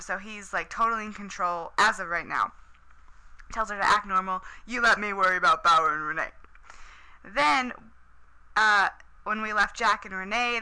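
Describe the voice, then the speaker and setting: A woman's voice: mid-range voice, bright, forceful tone, smooth, poor audio. A woman casually recapping a TV episode, chatty and enthusiastic, with lots of "um" and "like".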